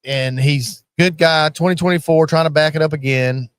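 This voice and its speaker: A man's voice: a little high, fairly even intonation, normal speed, clean tone, dry recording. Folksy cussing podcast host man. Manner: folksy, swears casually. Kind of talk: casual banter at a live taping.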